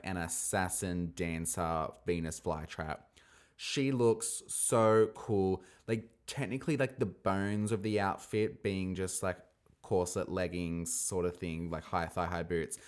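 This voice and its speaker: A man with a fairly low speaking voice hosts a casual review podcast. He chats in a gossipy, animated way and jumps into loud, high squeals when something excites him. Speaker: podcast host reviewing a drag competition.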